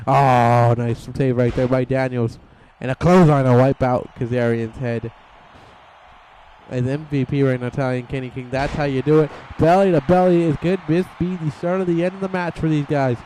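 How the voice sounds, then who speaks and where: A young man calls a wrestling video game match in loose, excited play-by-play, slipping into quick impressions of what the wrestlers might be thinking. His voice sits a little high for a man, with a faint hiss of noise behind it. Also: poor audio. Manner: rambling and playful, voicing wrestlers' thoughts in quick asides.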